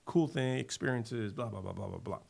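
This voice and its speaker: A man playing a cheerful young traveler who is chatty and curious. He is eager for new experiences, and the voice underneath stays low and gravelly. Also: brisk, darkish tone. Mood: friendly. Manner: upbeat, chatty.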